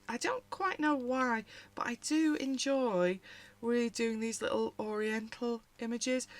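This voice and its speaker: A British woman hosting a casual haul vlog from home, talking in a rambling, chatty way with frequent asides as she pages through books. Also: on the high side. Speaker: colouring channel host.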